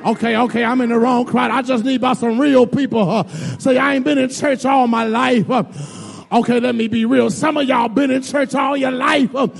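A man preaching in a church with a very high, gravelly voice that breaks into shouted calls to the congregation. His delivery lurches between low asides and loud cries, full of repeated words. The room rings with a long reverb and faint music sits underneath. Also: steady tone, moderate pace. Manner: call-and-response preaching, shouting and dropping low. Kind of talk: sermon.

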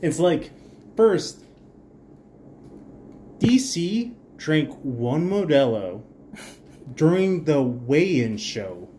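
A man's voice: a little high, very animated, slow pace, warm tone, slight background noise. A man co-hosting a casual sports podcast, rambling and joking with lots of fillers. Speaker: podcast co-host.

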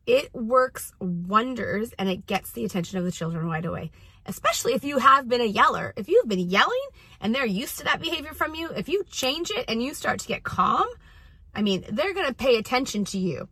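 Bright-voiced woman giving earnest advice. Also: on the high side, big pitch swings, brisk, breathy edge, dry recording. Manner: earnest, emphatic, with frequent restarts. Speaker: parenting coach and mom. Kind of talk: casual advice talk. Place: outdoors at a track practice.

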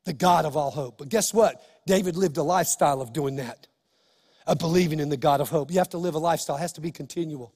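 Man preaching, high voice, impassioned and rising to shouts, long reverb of a church hall. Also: quick pace, slightly rough. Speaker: pastor. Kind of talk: sermon.

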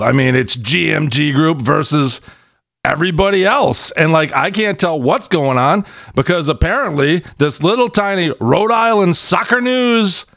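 Brief: male podcast host, fairly high voice, sarcastic comic rant, dry close sound. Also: no echo. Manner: sarcastic, swinging between shouting and muttering. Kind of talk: comedic sports podcast rant.

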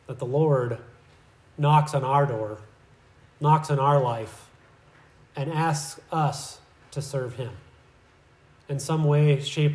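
A man's voice: medium pitch, a little mellow, roomy sound, low-quality recording. A man preaching a sermon in a conversational storytelling way, full of asides, in a church. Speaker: pastor.

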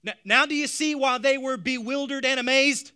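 A male pastor preaching a sermon, animated, with rhetorical questions and frequent stammered restarts. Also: very high-pitched, normal speed, clean tone.

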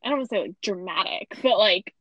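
A woman's voice: medium pitch, lively intonation, fast talker, a bit bright, no echo, muffled recording. A young woman co-hosting a podcast in casual chat, laughing often and saying "like" constantly. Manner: laughs a lot, says "like" constantly. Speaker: podcast co-host.

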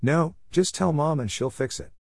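A man's voice: a little high, moderate pace, vocal fry, breathy edge, dry recording, studio quality, voice pushed up. A man doing a mouthy, dismissive boy. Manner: blunt, dismissive. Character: brash mouthy boy, careless about wrongdoing.

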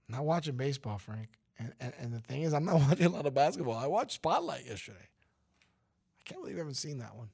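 A man's voice: mid-range voice, very animated, normal speed, creaky, pauses often, a little mellow, husky. A man hosting a radio show, chatting casually, joking and rambling.

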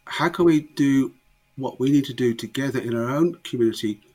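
A man speaks in an interview with a husky, slightly breathy voice. He talks with emphasis, often repeating a word as he restarts a thought. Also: medium pitch, brisk, darkish tone. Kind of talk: conversational interview.

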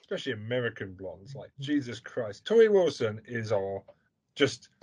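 A man's voice: medium pitch, big pitch swings, moderate pace, darkish tone, slightly rough. A man hosting a podcast, talking bluntly and provocatively in crude casual chat. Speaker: podcast host.

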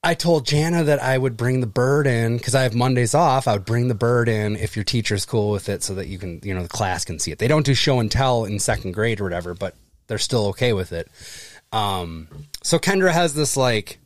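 A man's voice: mid-range voice, lively intonation, a little fast, no room sound. A man in his thirties telling stories on a casual podcast, swearing freely and acting out the people he talks about. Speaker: podcast co-host. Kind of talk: casual chat.

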